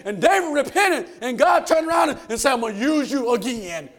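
An older man preaching a sermon, calling out to the congregation and rising to shouts. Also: very high-pitched, very animated, brisk, few pauses.

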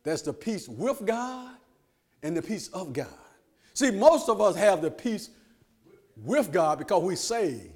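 A man preaching a folksy, animated sermon. He laughs often and swings between loud and hushed. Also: high-pitched, a little slow.

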